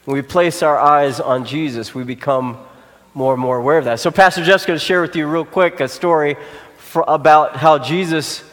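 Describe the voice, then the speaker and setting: A man's voice: a little high, moderate pace, a bit bright, long reverb tail. A father and pastor telling a personal story in a loose sermon style, with frequent fillers.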